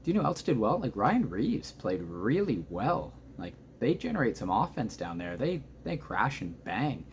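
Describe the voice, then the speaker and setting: A man recapping a hockey game at home at night, talking quietly but keyed up and emotional, rambling through the plays. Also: medium pitch, sing-song, normal speed, few pauses, a little hiss or hum. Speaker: hockey fan reacting to a game. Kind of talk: excited post-game reaction monologue.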